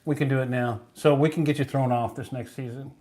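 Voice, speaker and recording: A man's voice: medium pitch, steady tone, fairly quick, dark tone. Easygoing man chatting on a livestream. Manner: easygoing, rambling. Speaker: livestream host. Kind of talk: casual chat.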